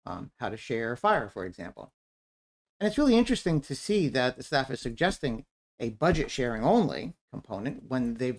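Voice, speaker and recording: Blunt critical man at a town forum. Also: medium pitch. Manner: blunt, critical, repeats points. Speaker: resident commenter. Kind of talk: public comment at a town forum.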